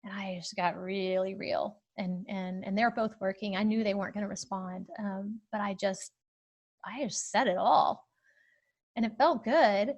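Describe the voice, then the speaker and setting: On her podcast, a woman in her thirties works through a personal story in an open, searching way, often using fillers and restarting sentences. She speaks unhurriedly at medium pitch with a darkish tone, and the audio is lo-fi.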